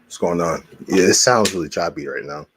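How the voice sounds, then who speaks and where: A man joining a stream call who gives short, relaxed replies. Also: low voice, fairly quick.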